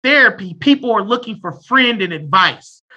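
A man in his thirties, a therapist in casual conversation, talking loudly and bluntly with off-color jokes. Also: sits high, lively intonation, normal speed, slightly rough, dull audio. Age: 30s. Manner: loud and abrasive, blunt and joking.

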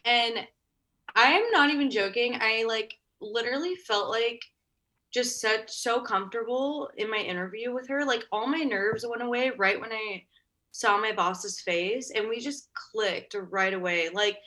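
A young woman in her twenties casually telling a story, full of fillers and quick laughs. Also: on the high side, pushed and bright. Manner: chatty, full of "like" and "oh my God", laughs often.

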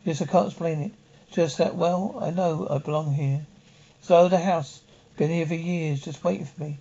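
An actress playing a dreamy, soft-spoken young wife, from a 1960s television drama. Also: female voice, sits low, fairly even intonation, normal speed. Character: dreamy young wife drawn to an old house. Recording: dull 1960s television soundtrack.

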